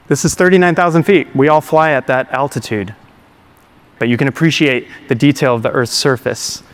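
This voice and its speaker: A man's voice: medium pitch, clean tone. Earnest man giving an emotional keynote. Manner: earnest, storytelling, gets choked up. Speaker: keynote speaker. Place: large hall before a live audience.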